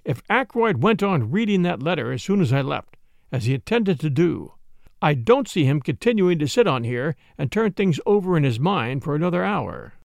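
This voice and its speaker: A man reading the part of a measured, reserved middle-aged doctor in an audiobook. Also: on the high side, big pitch swings, vocal fry, a little mellow, no room sound, clean studio sound. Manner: careful, reserved.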